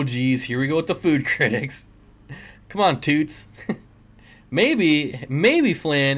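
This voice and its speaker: A man's voice: mid-range voice, fairly bright tone. A man hosting a casual livestream, reading chat comments aloud and joking with viewers, often laughing. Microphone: desk mic.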